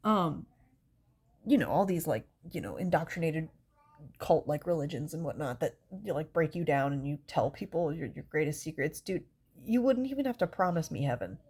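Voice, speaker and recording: A woman's voice: low-pitched, lively intonation, normal speed, a little mellow, breathy edge. A woman with a stuffy, congested nose, doing a stand-up comedy bit in an exasperated, rambling way, swearing often.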